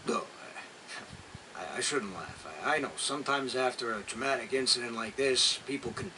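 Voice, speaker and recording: A gruff, dismissive police officer, played by a man in a game cutscene, mid-pitched and offhand. He talks in a rough, casual way, brushing things off, over noisy game audio. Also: moderate pace, natural voice. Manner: casual, dismissive, rough working-class speech. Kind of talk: dubbed video game cutscene.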